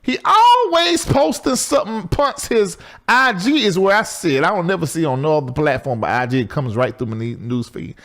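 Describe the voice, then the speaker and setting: Middle-aged man, talk show host, lively high pitch, casual monologue. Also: moderate pace, hardly any pauses. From Southern US. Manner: loose, chatty and animated, swings between high exclaims and low asides.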